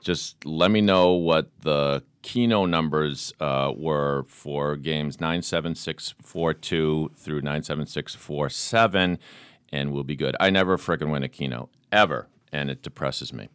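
A man's voice: extremely low pitch, measured pace, a bit bright, clear, resonant tone, no room sound, studio quality. A man with a Boston accent hosting a podcast in casual, joking chat, rambling and swearing freely. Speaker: podcast host.

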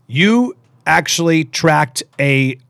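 A man in his forties hosting a podcast, telling a personal story in a lively, casual way, acting out quotes and repeating himself. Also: fairly high pitch, slow pace, creaky, no room sound, clean studio sound. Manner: animated, acts out quotes, repeats words. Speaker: podcast host.

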